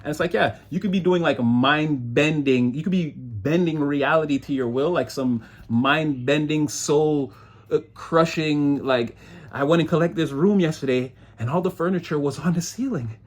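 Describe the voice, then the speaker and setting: A man's voice: fairly high pitch, normal speed. A man giving a casual, rambling tarot reading, talking loosely and slipping into mocking voices when he quotes people. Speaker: tarot reader.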